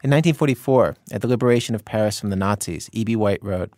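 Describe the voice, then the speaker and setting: A man with an American accent hosting a radio program in a measured, wry, conversational way. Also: on the low side, darkish tone, dry recording, faint music behind. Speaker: radio host. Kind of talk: scripted radio narration.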